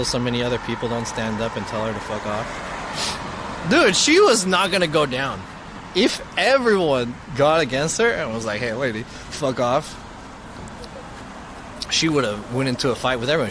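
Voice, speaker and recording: A young man streaming live, telling a story in a slangy, profane, animated way. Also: mid-range voice. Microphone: mobile streaming mic. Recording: loud street and traffic noise.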